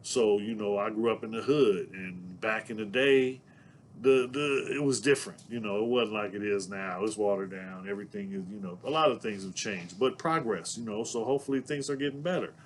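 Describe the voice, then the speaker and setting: A man's voice: lowish voice, fairly quick, slight background noise. Rambling man from San Diego. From Southeast San Diego, California. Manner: rambling, packed with "you know what I'm saying"; laughs between thoughts. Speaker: vlogger telling prison stories. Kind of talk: casual storytelling to camera.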